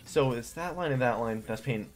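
A young man commentating his own slot stream, pleading with the game, swearing and getting excited. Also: medium pitch, moderate pace, soft background music. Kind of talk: live gambling stream commentary.

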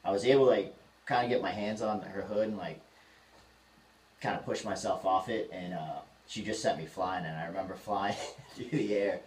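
Guy in his 30s telling a long story, kinda low voice, sounds a bit far off in an echoey room. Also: normal speed. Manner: rambling, animated storyteller acting out quotes. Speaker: podcast co-host. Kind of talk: casual storytelling chat. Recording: echoey room, voice a bit far from the mic, faint ambient noise.

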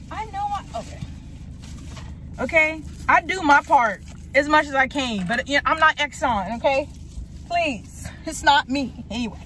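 A young woman with a fairly high-pitched voice vlogs casually and frankly, swearing freely as she talks about feeling tired and crampy. She starts out in a car and then continues at home, with a little hiss or hum in the audio.

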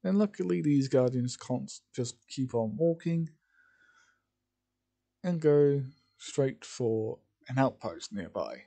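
Guy slowly making up a fan story, keeps stopping n fixing his words, kinda dark mellow tone. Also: medium pitch, expressive, creaky. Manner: halting, with many fillers and self-corrections. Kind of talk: improvised fan fiction storytelling.

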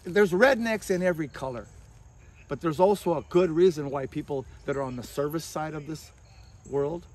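A man's voice: a little high, normal speed. A man, a survival skills expert, talking as a guest in an outdoor conversation and acting out scolding voices. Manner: animated storyteller who acts out scolding voices. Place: outdoors among bushes. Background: crickets and insects.

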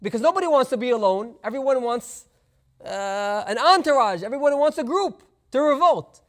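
A man's voice: very high-pitched, animated, normal speed, a bit bright. A man playing a humble male village school teacher who explains himself in a reflective, patient way while telling a story in a sermon. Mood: explaining.

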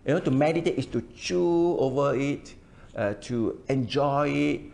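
A man's voice: mid-range voice, normal speed, vocal fry, a little mellow. An older man preaching a sermon. He often hesitates with "uh" and repeats words while explaining scripture line by line. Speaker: pastor. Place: church.

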